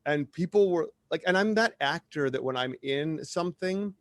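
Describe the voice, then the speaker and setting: A man from Wisconsin with a Wisconsin accent, telling stories in an animated, chatty way as a podcast guest. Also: on the high side, normal speed, dry recording, studio quality. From Wisconsin, USA. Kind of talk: casual chat.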